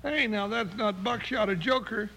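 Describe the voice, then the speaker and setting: An actor playing a bumbling, complaining deputy sidekick in a radio western, with a high raspy voice. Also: male voice, normal speed. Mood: comic fuss. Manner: comic, complaining, drawling. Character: bumbling, whiny deputy sidekick, heavyset man. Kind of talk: 1950s radio drama acting. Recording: hissy old radio recording.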